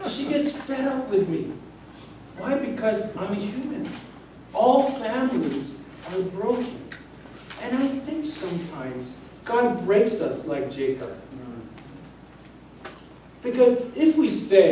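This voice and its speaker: Pastor, high voice, echoey hall. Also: male voice, sing-song, slow, pauses often, dark tone, a little hiss or hum. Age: middle-aged. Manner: storytelling, acts out quotes of his family, laughs often. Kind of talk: sermon. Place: church sanctuary. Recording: echoey hall from far off, faint ambience.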